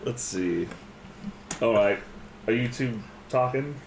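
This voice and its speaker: A man's voice: mid-range voice, slow pace, creaky, darkish tone. A man playing a tabletop game with friends, joking around and swearing casually. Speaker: player. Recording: echoey room with noise.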